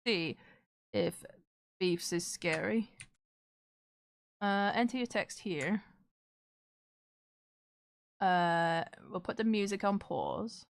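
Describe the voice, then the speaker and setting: A woman's voice: mid-range voice, expressive, drawn-out words, gravelly, pauses often, dry recording. A woman streamer chatting casually with her live chat while she draws, joking and self-deprecating.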